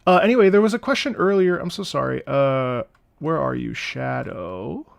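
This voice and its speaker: A man's voice: mid-range voice, animated, moderate pace, gravelly. A man streaming and chatting casually with viewers, rambling, laughing often and swearing freely. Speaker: streamer reacting to music. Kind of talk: casual live-stream chat.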